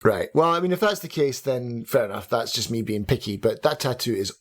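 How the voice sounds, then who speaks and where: A man's voice: mid-range voice, animated, a little fast. A man co-hosting a podcast, giving frank, opinionated takes on a game with lots of "like" and a laugh. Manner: candid and opinionated, trailing off with likes and laughs. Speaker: podcast co-host. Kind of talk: casual game discussion podcast.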